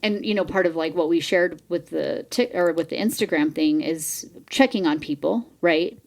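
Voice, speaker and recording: A woman's voice: on the low side, moderate pace, gravelly. A woman co-hosting a podcast in casual chat, telling stories animatedly, swearing freely and acting out what people said. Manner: animated storyteller who swears and acts out quoted lines. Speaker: podcast co-host.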